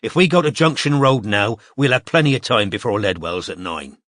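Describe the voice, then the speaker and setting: A man voicing a gruff, impatient male detective on crutches who talks bluntly, in a dry audiobook recording. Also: fairly low pitch, animated, brisk, fairly bright tone, no echo.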